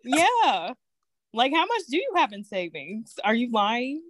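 Woman, lively rising and falling pitch, quick reactions, dry sound. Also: dry recording. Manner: quick reactive commentary, laughing asides. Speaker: TV recap podcast co-host. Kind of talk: casual episode recap chat.

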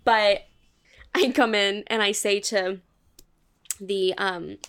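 A woman's voice: mid-range voice, takes it slowly, clear, resonant tone. Candid woman telling a story. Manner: candid, swearing, animated quoting of others. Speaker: podcast co-host. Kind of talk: casual storytelling chat.

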